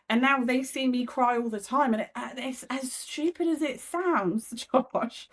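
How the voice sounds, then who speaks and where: A woman speaks with a slightly higher voice, frank and unguarded, dropping swear words as she reflects on herself. She is a comedian talking as a guest in a candid conversation. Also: unhurried, few pauses.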